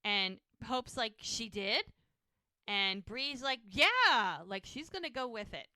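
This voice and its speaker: A woman's voice: on the high side, unhurried, pushed and bright, clear, resonant tone, no room sound, studio quality. A woman co-hosting a podcast, casually recapping a TV episode and acting out the characters' lines as she retells scenes. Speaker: podcast co-host.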